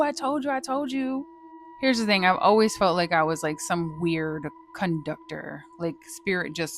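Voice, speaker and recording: Low-voiced woman telling a ghost story. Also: background noise. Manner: swears freely, lively, dramatic. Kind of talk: casual storytelling.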